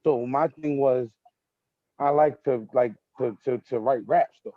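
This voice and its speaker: A man's voice: mid-range voice, unhurried, no echo, narrow, tinny audio. A young man with a Brooklyn accent, a battle rapper talking casually as an interview guest in street slang. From Brooklyn, New York. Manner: laid-back street slang, keeps saying "you feel me".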